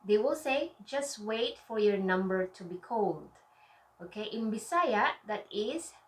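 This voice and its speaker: A woman teaching a language lesson, drawing out example words slowly and checking in with a frequent "okay?". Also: medium pitch, lively intonation. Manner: slow, drawn-out enunciation of example words.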